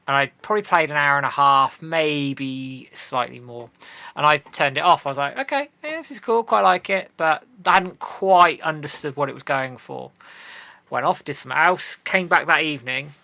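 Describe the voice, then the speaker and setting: A man's voice: mid-range voice, creaky, bright, forceful tone, smooth, dry recording. A man, a podcast guest, telling a story in a casual chat and acting out his own past reactions.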